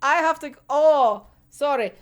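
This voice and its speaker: Giggly, high-voiced young woman gushing. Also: unhurried, a little hiss or hum. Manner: giggly, swears a lot, gushing. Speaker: manga reaction channel host. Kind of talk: casual manga chapter commentary.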